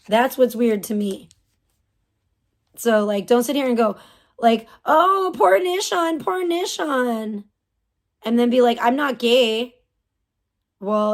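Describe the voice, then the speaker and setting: A woman's voice: fairly high pitch, a little mellow. A young adult woman hosting a livestream, ranting with heavy profanity and open scorn. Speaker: livestream host.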